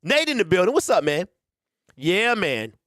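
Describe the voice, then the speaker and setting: An excitable man hosting a casual sports talk stream with a slightly high voice. He talks in animated bursts and keeps repeating himself. The sound is dry and close, with no room echo. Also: normal speed. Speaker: sports show host.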